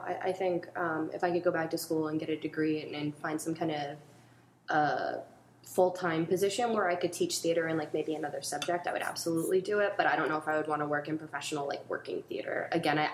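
A woman with a Boston accent, a comedian talking casually as a podcast guest, chatty and quick to laugh, often repeating words. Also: low-pitched, echoey room, a little hiss or hum.

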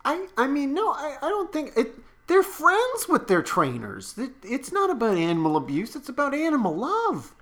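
Lively teasing woman in comedy banter. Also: high voice, moderate pace. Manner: teasing, mock-innocent. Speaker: comedic panelist. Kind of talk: improvised comedy chat.

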